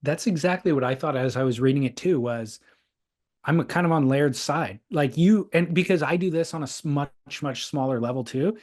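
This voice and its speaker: A man's voice: a little high, normal speed, darkish tone. A man hosting a casual podcast chat, talking things over thoughtfully and reading a listener's letter aloud. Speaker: podcast host.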